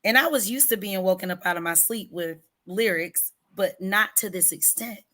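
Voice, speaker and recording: Bright, tense-edged woman singer-songwriter as guest, candid and emphatic storyteller, leans on key words. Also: mid-range voice. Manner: earnest and emphatic, drawn-out words for stress; candid about hard personal struggles. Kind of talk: personal storytelling in an interview.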